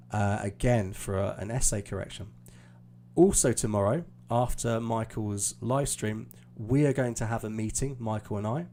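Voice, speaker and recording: A man's voice: mid-range voice, warm tone, slight background noise. A British man teaching pronunciation on a live stream lesson, explaining patiently with many fillers. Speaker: IELTS teacher.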